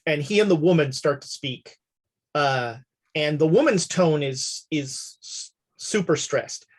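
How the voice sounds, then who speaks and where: A woman running a tabletop horror game as game master, narrating in a relaxed, halting way with many fillers. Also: low-pitched, husky.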